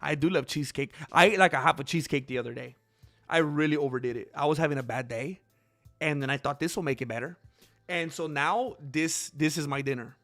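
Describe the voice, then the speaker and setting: A man's voice: fairly high pitch, fairly quick, fairly bright tone, no room sound, faint music behind. A man hosting a live stream, chatting casually and playfully, laughing often and reading out chat.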